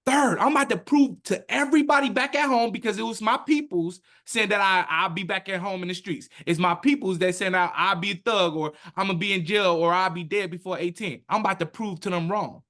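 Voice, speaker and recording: Animated man in his thirties telling his story. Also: sits high, a little fast, hardly any pauses. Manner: animated, emphatic, acts out quotes in his own voice. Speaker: podcast guest. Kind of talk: emotional personal storytelling.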